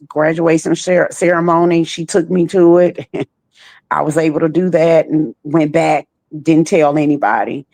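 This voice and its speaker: Gravelly low-voiced woman telling her story. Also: darkish tone, no echo. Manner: slow, halting, repeats phrases. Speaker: trafficking survivor guest. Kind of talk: personal testimony.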